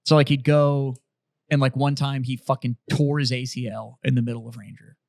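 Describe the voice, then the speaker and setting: Male podcast host, profane animated storyteller, mid-pitched voice, dry close sound. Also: normal speed, vocal fry, dry recording. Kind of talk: casual chat, storytelling.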